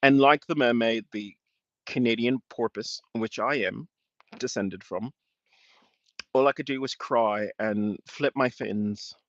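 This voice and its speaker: A man livestreaming in an emotional, rambling rant, swearing freely as he answers his chat. His voice sits at a middling pitch. The sound is dull and lo-fi, and very dry. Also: a little slow, no room sound. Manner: emotional, ranting, swears often. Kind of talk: rambling live-stream talk.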